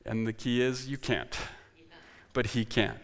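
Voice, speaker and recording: A man's voice: mid-range voice, fairly even intonation, measured pace, fairly bright tone. Male pastor, earnest sermon and prayer, stumbles and restarts, long hall reverb. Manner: earnest, with frequent restarts and repeated words.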